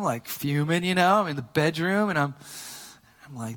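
Male pastor, slightly higher voice, relaxed conversational sermon with lots of fillers, shifts from hushed to animated. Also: normal speed, long reverb tail. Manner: casual, conversational storytelling with many fillers; swings between quiet earnest points and lively, loud retellings.

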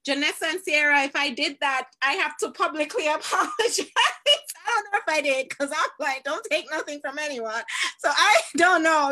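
Bright-voiced mom hosting a livestream, talks fast and laughs lots. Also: female voice, high voice. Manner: animated, laughs often, warm parental tone. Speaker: host. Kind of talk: live stream discussion.

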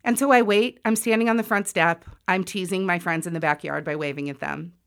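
Woman in her forties, low-ish voice, loud and sassy storyteller, self-mocking asides. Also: fairly even intonation, brisk, creaky. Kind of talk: personal story told to an audience.

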